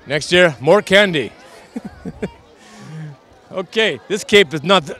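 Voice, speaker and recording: A man's voice: high-pitched, slow pace, sharp tone, a faint crowd, heavily acted. A man playing a Transylvanian count who claims to be a businessman, speaking in broken English and playfully reassuring children at an outdoor Halloween parade. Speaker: street interviewer.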